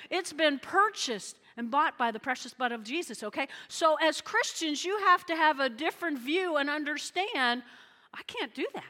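A woman pastor preaching a sermon in an animated, chatty way, often checking in with her listeners. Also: sits high, normal speed, big-room sound.

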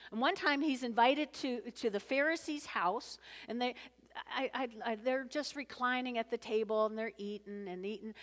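Lively woman preaching in an echoing hall. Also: a little high. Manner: lively, animated, acts out voices of people in the story. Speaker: pastor. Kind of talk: sermon. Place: church. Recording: long reverb of a church hall.

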